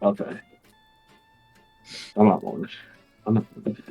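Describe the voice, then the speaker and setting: A man's voice: lowish voice, sing-song, takes it slowly, gravelly, slightly rough, narrow, tinny audio, faint music behind. A man playing a tabletop game, laid-back, asking the game master questions. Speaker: player. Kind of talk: casual tabletop play.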